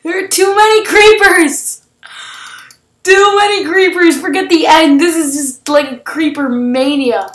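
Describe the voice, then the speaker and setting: A woman hosting casual gameplay commentary, excitable, shrieking and gasping at surprises. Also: very high voice, a little slow, roomy sound, poor audio. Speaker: gaming channel host.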